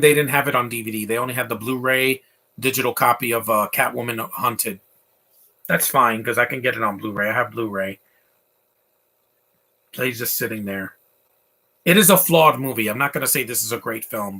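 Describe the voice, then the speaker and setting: A man talks over a film he is watching at home, tossing out strong opinions and wandering asides between fillers. His voice is bright and forward, with a husky, slightly rough edge. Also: mid-range voice, moderate pace, pauses often. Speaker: film commentator. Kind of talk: casual live movie commentary.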